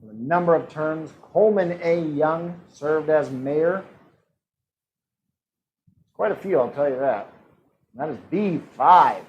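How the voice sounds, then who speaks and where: A man's voice: on the high side, slow, pauses often, muffled recording. A man hosting a live-streamed trivia game, reading questions and answer options in a playful, teasing way. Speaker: trivia host.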